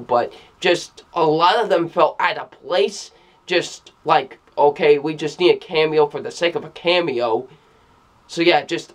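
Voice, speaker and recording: Blunt, emphatic young-sounding male reviewer. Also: fairly high pitch. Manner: blunt and emphatic, repeats himself, many restarts. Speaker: movie reviewer. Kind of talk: casual spoken film review.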